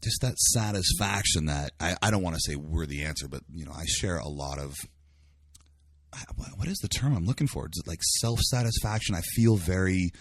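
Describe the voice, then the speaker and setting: A man with a deep, husky voice talks earnestly in a casual interview. He rambles a little and searches for words. The sound is dry, with no room around it. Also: animated, fairly quick, no echo. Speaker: guest. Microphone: live stream by phone.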